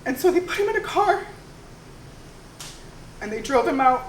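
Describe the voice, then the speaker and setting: A woman voicing a wise older female shop owner who asks gentle, probing questions. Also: high-pitched, big pitch swings, normal speed, a little hiss or hum, voice pushed up. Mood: grave. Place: theater stage. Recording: roomy live stage sound from far off.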